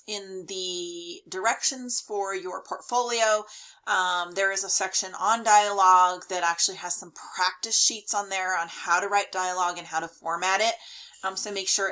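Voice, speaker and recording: A woman's voice: medium pitch, sharp tone, poor audio. A woman teacher talking students through a lesson in a chatty way, full of fillers. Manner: talks directly to students. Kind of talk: recorded online lesson.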